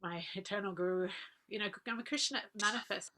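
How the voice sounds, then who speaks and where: A woman, earnestly recalling personal memories as a guest speaker, laughing softly now and then. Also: medium pitch, fairly quick. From Australia. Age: 40s. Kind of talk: personal reminiscence talk.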